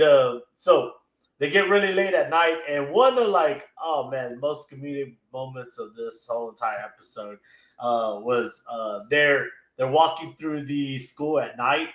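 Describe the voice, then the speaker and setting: A man's voice: mid-range voice, measured pace, a bit bright, reverberant. A man casually recapping an anime episode, retelling scenes with laughs and little acted-out quotes. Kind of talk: casual chat.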